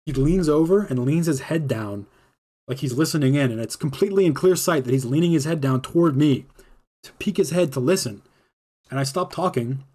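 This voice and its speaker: Husky-voiced man telling an angry work story. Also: mid-range voice, fairly quick. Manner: profane, animated retelling with quoted dialogue. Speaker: podcast host telling a personal story. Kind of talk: casual storytelling. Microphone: streaming mic.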